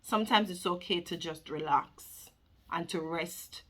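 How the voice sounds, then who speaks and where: A woman's voice: lowish voice, measured pace, fairly bright tone. A woman hosting her own channel, speaking straight to the camera in an earnest, preachy motivational talk about faith, and laughing often. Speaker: channel host.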